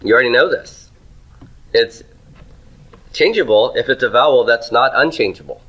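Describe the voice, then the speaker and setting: A man's voice: mid-range voice, expressive, moderate pace, fairly bright tone, highs cut off. A man teaching Hebrew grammar in a classroom lecture, asking questions and answering them himself.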